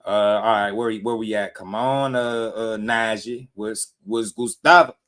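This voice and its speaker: A man's voice: on the low side, a little slow. Slangy man hosting a livestream. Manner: loose slangy talk, shout-outs to viewers. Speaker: livestream host. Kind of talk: casual livestream chat.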